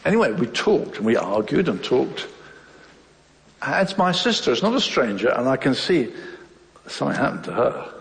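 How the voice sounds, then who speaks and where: An older man preaches a sermon, weaving his own testimony into the text. His voice has a gravelly, creaky edge, and he slips into different voices to act out the dialogue. The sound carries a long hall reverb. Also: mid-range voice, moderate pace. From England. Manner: animated storyteller, acts out dialogue in shifting voices.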